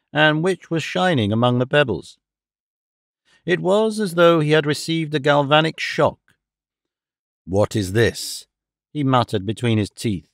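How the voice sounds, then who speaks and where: Male audiobook narrator, measured classic-novel reading, somewhat high pitch, dry studio sound. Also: vocal fry, no echo.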